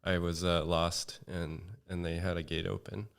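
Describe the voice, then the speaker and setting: Low smooth voice, guy from northern california, kinda hesitant, lots of ums and likes. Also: little pitch movement, normal speed. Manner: hesitant storyteller, many fillers. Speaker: guest. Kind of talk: casual chat.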